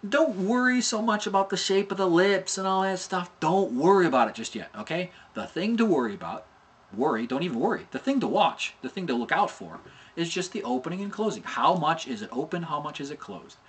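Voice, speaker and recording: A middle-aged man talks through an animation lesson in a loose, conversational way. His pitch moves a lot as he explains, and he keeps checking in with "okay?" while sounding out syllables to show mouth shapes. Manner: chatty, repeats "okay?" often, demonstrates mouth sounds. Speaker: animation instructor. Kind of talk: casual tutorial talk.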